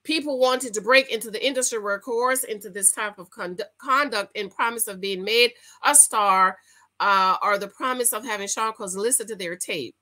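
A woman's voice: mid-range voice, normal speed, pushed and bright, low-quality recording. A middle-aged woman hosting a commentary vlog, reading news aloud and reacting indignantly while talking straight to her viewers. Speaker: YouTube commentary host.

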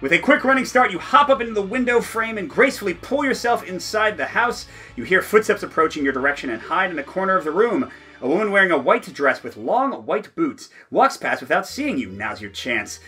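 A man's voice: high-pitched, sing-song, fairly quick, pushed and bright, husky, soft background music. A man playing through a solo board game, reading the story text aloud and joking between rolls, often laughing.

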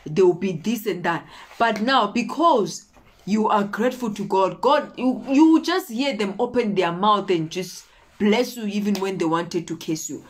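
A woman delivers a motivational sermon in a mid-pitched voice. She repeats her main points insistently and often pauses to ask her listeners if they follow. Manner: repetitive, exhorting, often checking in with "okay?". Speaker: preacher.

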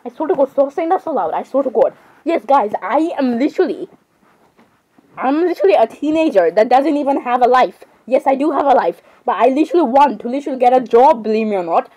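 High-voiced excitable teenage girl. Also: quick pace, rough recording. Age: teens. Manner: rambling, dramatic, excitable. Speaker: gamer. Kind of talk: casual gameplay chatter.

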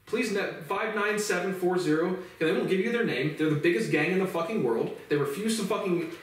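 A young man in his twenties with a fairly high voice, ranting in a loud, profane, heated way and tripping over repeated words. He stands well back from the microphone in a room with heavy echo. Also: animated, brisk. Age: 20s. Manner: profane, heated, repetitive restarts. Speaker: vlogger. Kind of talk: angry monologue rant. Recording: very echoey room, voice far from mic.

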